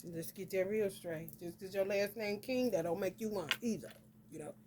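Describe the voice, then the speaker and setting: A northern U.S. astrology reader rants casually on her vlog, swearing freely, speaking bluntly, and dropping "honey" often. Her mid-range voice moves at normal speed over a noisy background.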